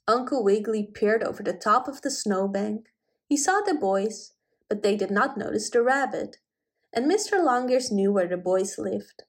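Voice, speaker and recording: A woman reading a children's animal story aloud in a gentle, measured way. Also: mid-range voice. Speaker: narrator.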